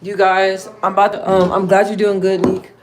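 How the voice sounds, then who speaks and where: A woman hosting a casual live stream from her phone while she drives, chatting with her viewers and venting in an animated way with sudden pitch jumps. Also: normal speed. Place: in a car while driving. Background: faint car noise.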